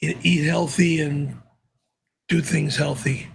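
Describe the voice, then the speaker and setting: Gravelly high-pitched man, gruff and grumbling. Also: fairly even intonation, slow pace, a little hiss or hum. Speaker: host reading viewer messages. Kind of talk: casual live-stream chat.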